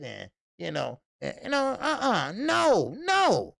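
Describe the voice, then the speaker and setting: Male boxing host, slightly high and very gravelly, blunt, profane, rambling with fillers. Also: a little slow, few pauses, no room sound. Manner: excitable, blunt and profane, many repeated fillers. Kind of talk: casual livestream commentary.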